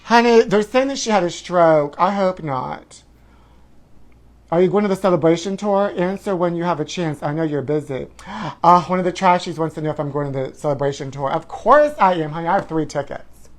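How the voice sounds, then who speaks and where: Fairly high in pitch and fairly quick, a man in his forties runs a live stream as host, working through viewers' comments. He's campy and theatrical, calling them honey and letting out whoops.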